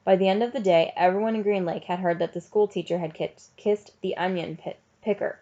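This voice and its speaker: A woman teacher reading a novel aloud to her class, pausing for calm explanatory asides. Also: on the low side, lo-fi sound.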